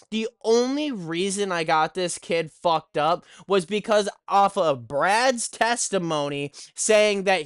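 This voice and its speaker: A young man telling a story on his own channel in an animated, exasperated rant, swearing constantly. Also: sits high, clear, resonant tone, no echo, clean studio sound. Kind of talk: profane ranting storytime.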